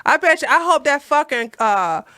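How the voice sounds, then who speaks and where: A woman's voice: high-pitched, sing-song, normal speed, pushed and bright, no echo. A woman ranting on a casual political live stream, blunt, profane and mocking, who often repeats herself. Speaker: political commentator on a debate stream.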